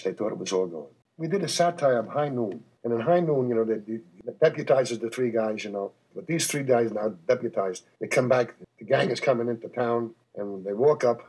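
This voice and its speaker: Brief: older male interviewee, husky, lively storyteller. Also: medium pitch, low-quality recording. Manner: animated storyteller, acts out scenes. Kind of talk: reminiscing interview.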